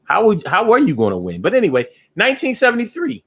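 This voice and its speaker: A man's voice: high-pitched, wildly swooping pitch, fast, fairly bright tone, husky. Rambling laid-back man on a live stream. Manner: loose and rambling, slips into freestyle rhyming. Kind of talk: casual live chat reading viewer comments.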